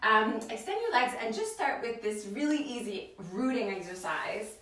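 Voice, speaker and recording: A woman leads a yoga class streamed live from her home studio. She talks in a gentle, chatty way with plenty of fillers. Her bright voice rings around a very echoey room, heard from a step away from the mic. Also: a little high, big pitch swings, normal speed, far from the mic. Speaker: yoga teacher.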